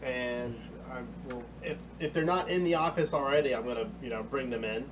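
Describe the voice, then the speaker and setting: A man's voice: medium pitch, a little fast, noisy background. A man playing a tabletop game, chatting casually and slipping into his character's polite speech. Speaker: player. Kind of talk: casual play, in-character talk.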